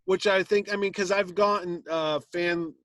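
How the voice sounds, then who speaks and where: On a convention stage, a man hosting a comic con panel tells a lively anecdote, acting out plenty of quotes in animated storytelling. His voice sits high at a moderate pace, with no room sound.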